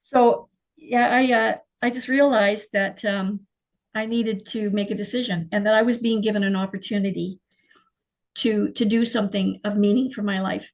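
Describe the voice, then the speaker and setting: A middle-aged woman, telling her life story as an interview guest in an animated, emotional way. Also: medium pitch, moderate pace, rough recording. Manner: animated, emotional, frequent fillers and restarts. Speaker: guest, clairvoyant healer.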